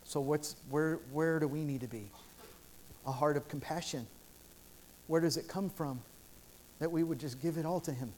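A man's voice: on the high side, normal speed, darkish tone, slight background noise. A male pastor preaching a sermon in a church sanctuary, telling stories in an earnest, repetitive way with frequent restarts.

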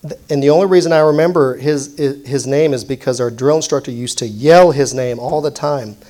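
A man's voice: medium pitch, a little fast, dark tone. A man in his forties preaching a sermon in a conversational way, putting questions to the congregation and adding self-deprecating asides.

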